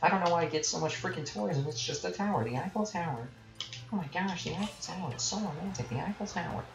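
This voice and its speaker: A man voicing a dreamy, starstruck woman tourist in a mocking, drawn-out gush. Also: gravelly. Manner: mocking falsetto, drawn-out gushing. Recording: roomy echo, game music behind.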